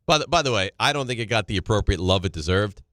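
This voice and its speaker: A man's voice: fairly low pitch, fast talker, no room sound, studio quality. A man co-hosting a sports radio show, bantering casually and joking around. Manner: animated, jokey, does voices.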